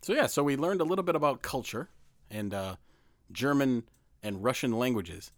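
A man's voice: medium pitch, animated, normal speed, no echo. A man co-hosting a podcast in easygoing casual chat, laughing at himself. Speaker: podcast co-host.

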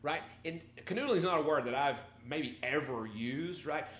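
A man preaching a conversational, animated sermon, his volume rising and falling. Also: a little high, normal speed. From Texas or Arkansas, USA. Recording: echoey room.

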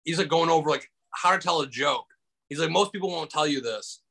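A man's voice: fairly high pitch, fairly quick, vocal fry, fairly bright tone, breathy edge, poor audio. A man from Michigan, a comedian telling stories over a video call in a loose, rambling way with lots of fillers. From Michigan, USA. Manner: rambling, many fillers, acts out quotes. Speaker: comedian guest. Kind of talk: casual storytelling interview.

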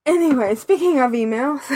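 A woman's voice: sits high, a little mellow, husky, no echo. A woman co-hosting a casual gaming podcast, chatting, laughing often and reading out listener emails. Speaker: podcast co-host. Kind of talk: casual chat.

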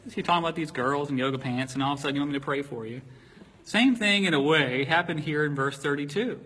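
A man's voice: on the high side, steady tone, rapid-fire, fairly bright tone, husky, in a large hall. A man from Virginia preaching a sermon, telling personal stories in a casual, joking way. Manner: conversational, jokey storytelling.

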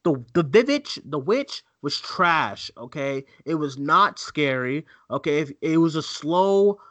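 A man's voice: fairly high pitch, measured pace. A man co-hosting a casual movie podcast, ranting and mimicking voices as he talks. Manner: animated, ranting, mocking voices. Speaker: co-host.

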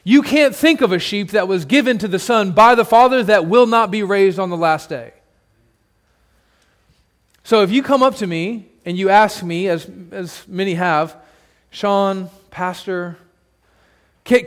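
A man preaching a sermon, his voice sitting fairly high for a man. He swells into forceful, slow declarations and then sinks to a quiet low, now and then calling on congregation members by name. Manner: emphatic, builds to loud declarations then drops low. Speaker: pastor.

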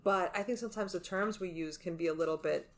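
A woman co-hosting a casual podcast conversation. She talks emphatically, and her voice leaps up in pitch when she makes a point. She sounds animated and opinionated. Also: quick pace. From Latin American heritage. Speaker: podcast co-host. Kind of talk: casual chat.

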